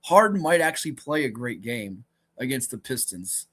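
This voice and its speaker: A man co-hosting a casual sports talk show, excitable and heavy on stats, often correcting himself. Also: medium pitch, normal speed, husky. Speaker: co-host.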